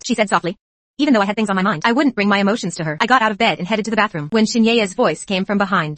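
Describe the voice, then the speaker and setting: A woman narrates a motion comic at a brisk clip, reading steadily and evenly in a scripted manner. Her voice sits close and dry, with no room sound around it. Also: medium pitch, no room sound.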